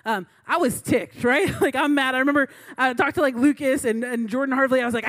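A woman's voice: sits high, fairly quick, hardly any pauses, a bit bright. Chatty young woman preaching a sermon. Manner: chatty, storytelling, many fillers.

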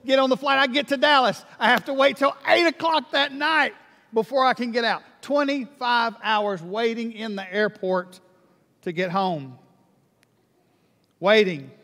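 A man from Alabama preaching a sermon, animated, repeating words and acting out people's prayers. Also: sits high. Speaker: pastor. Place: church sanctuary. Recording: long reverb of a church hall.

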